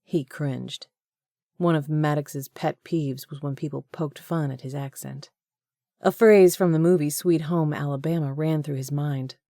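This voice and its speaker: A woman narrating an audiobook in a measured, even manner. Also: sits low, no echo, studio quality.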